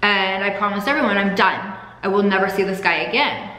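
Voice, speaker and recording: A woman's voice: medium pitch, brisk, bright, forceful tone. A young adult woman candidly telling a painful personal story, swearing freely and holding back tears. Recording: echoey room with long reverb.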